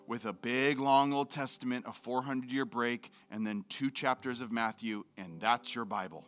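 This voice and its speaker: A man's voice: mid-range voice, steady tone, moderate pace, hardly any pauses, a bit bright, faint music behind. A middle-aged male pastor preaching a sermon in a church, candid and joking, acting out voices in his quotes.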